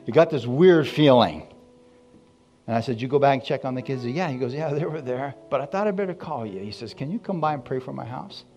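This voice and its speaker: A man preaching a sermon as a pastor, telling stories and acting out quotes, then rising to loud exclamations. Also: medium pitch, expressive, brisk. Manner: storytelling, acts out quotes, rises to loud exclamations.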